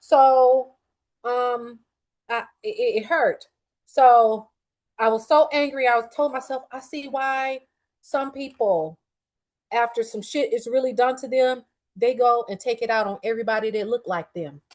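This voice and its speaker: A middle-aged woman with a fairly high voice pours out a personal story on her podcast. She speaks candidly and swears freely, moving between low, simmering fuming and loud, angry bursts. She sounds upset, like someone who has been crying on and off all day. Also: measured pace. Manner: candid, profane and heated, swinging between quiet fuming and loud outbursts. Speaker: podcast host.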